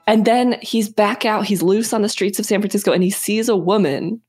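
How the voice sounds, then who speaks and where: A woman's voice: mid-range voice, normal speed, a little mellow, husky, faint music behind. A young woman co-hosting a podcast, recapping a film in playful, laugh-filled casual chat. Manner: laughs often, playful, acts out characters in quotes. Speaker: podcast co-host.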